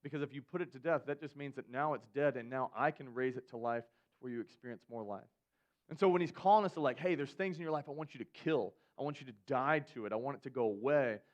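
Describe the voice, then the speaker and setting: A young adult man, a youth pastor, giving a sermon in a casual, animated storytelling way. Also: medium pitch, fast talker, highs cut off.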